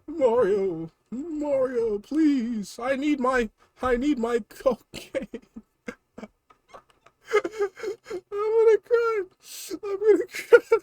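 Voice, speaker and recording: A man's voice: sing-song, extremely slow, a little mellow, no echo, heavily acted. A man putting on a wailing, shaky-voiced Luigi. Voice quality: weird shaky high voice. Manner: wailing, pleading, cracking into sobs. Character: whiny adult male plumber brother, needy and tearful. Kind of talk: comedic character voice on a game stream.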